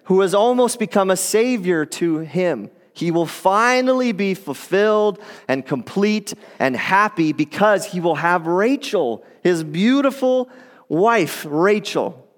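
Male pastor, high-pitched, casual animated sermon delivery, in a reverberant church hall. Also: takes it slowly. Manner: conversational, animated storytelling with acted quotes.

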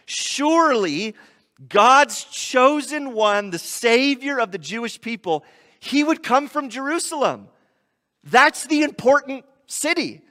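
A man preaching a sermon, animated, often acting out quoted voices. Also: very high voice, slow pace, long reverb tail. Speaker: pastor.

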